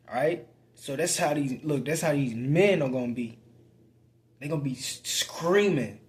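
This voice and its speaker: A man preaching, reading scripture aloud and commenting on it in casual talk, slow and halting with many fillers and repeated words. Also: mid-range voice, darkish tone.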